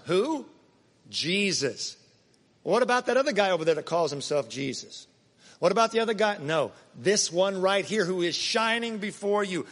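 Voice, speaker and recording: A man preaching a sermon, pushing key words up in emphatic bursts and then dropping to quiet asides. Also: high-pitched, very animated, normal speed, long reverb tail. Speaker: pastor.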